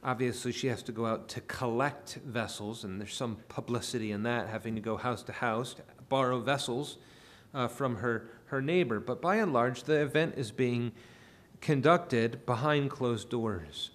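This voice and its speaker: A man's voice: mid-range voice, moderate pace. A man preaching a sermon in an earnest way, often restarting his phrases. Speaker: pastor.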